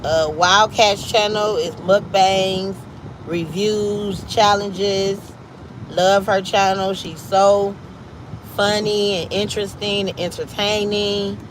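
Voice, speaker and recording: A woman's voice: medium pitch, level tone, slow, slight background noise, rough recording. A woman from Cleveland hosting a casual livestream, chatty and upbeat, urging viewers to subscribe to friends' channels. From Cleveland, Ohio, US Midwest. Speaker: livestream host. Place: at home.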